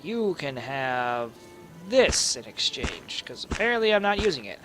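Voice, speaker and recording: A man's voice: mid-range voice, very animated, unhurried, over music. A man giving playful, jokey commentary over a game, reading its text aloud. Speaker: gaming video host. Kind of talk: casual gameplay commentary.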